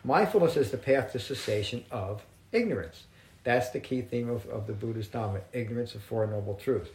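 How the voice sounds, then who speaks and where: Guy giving a dharma talk, middle pitch, slow measured verse reading, roomy echo. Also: a little mellow. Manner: measured, reflective, reads verses aloud slowly. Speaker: Buddhist teacher. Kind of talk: dharma talk to a small group. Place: room with a small group.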